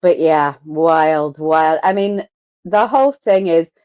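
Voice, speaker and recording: A woman co-hosting a podcast, telling stories in an animated, sarcastic, sweary way. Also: sits low, slow, no room sound. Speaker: podcast co-host. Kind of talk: casual podcast chat. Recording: dry, dull lo-fi mic.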